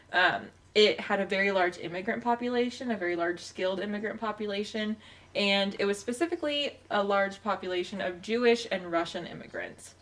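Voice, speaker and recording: A woman's voice: medium pitch, a bit bright. A woman co-hosting a casual podcast chat, who keeps steering things back on track with "okay, well". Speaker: podcast co-host.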